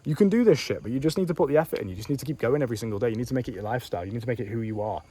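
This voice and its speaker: A man's voice: medium pitch, animated, rapid-fire, mellow, husky. A man giving a casual outdoor vlog monologue as a business coach, blunt and profane, full of slang, talking straight at the listener. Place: outdoors on a bench in a warm country.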